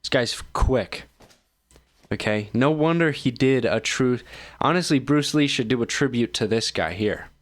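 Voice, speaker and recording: A man's voice: medium pitch, lively intonation, unhurried. Tired man rambling through casual commentary. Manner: joking, self-mocking, loose. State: tired, yawning. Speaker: streamer host reacting to videos.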